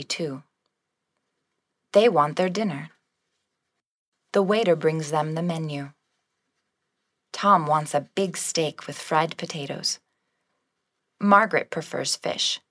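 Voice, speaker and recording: A woman narrating a beginner English lesson with measured, clear reading. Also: low-pitched. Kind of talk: scripted narration.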